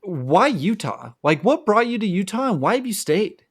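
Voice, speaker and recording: A man's voice: high voice, very animated, moderate pace, breathy edge. A man hosting a podcast, asking casual interview questions in a friendly way. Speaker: podcast host.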